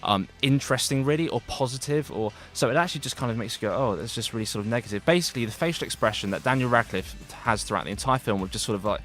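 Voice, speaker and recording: Fast, rambling man reviewing films. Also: medium pitch, a bit bright. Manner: rambling, heavy with fillers and restarts. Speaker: film reviewer. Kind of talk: radio film review chat. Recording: radio studio with faint music.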